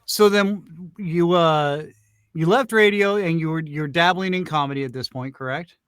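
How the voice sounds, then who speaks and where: A fairly high-voiced man hosts a casual chat, relaxed and friendly in pace. He drops into goofy quoted voices when retelling what fans said. The sound is close and dry. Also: moderate pace, smooth, no echo. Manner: laid-back, acts out quotes in a higher voice. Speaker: host.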